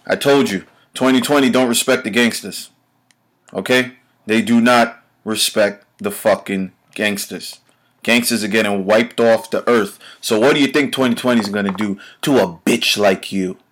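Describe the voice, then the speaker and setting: A man's voice: lowish voice, normal speed, a bit bright. A man, hosting his own show and delivering a heated, profane monologue straight at the listener. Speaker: show host.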